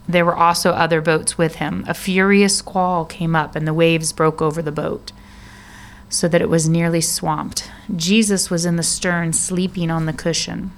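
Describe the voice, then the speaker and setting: A woman with a low, gravelly voice co-hosts a relaxed faith podcast. She retells scripture with lively, animated asides and leans on "you know" as she thinks aloud. A faint hiss sits under the recording. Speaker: podcast co-host. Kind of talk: casual faith podcast chat.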